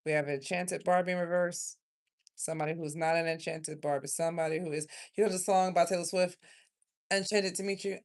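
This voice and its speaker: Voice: medium pitch, steady tone, brisk, a little mellow. A tarot reader from South Carolina, giving a rambling, emotional, chatty card reading in a casual livestream.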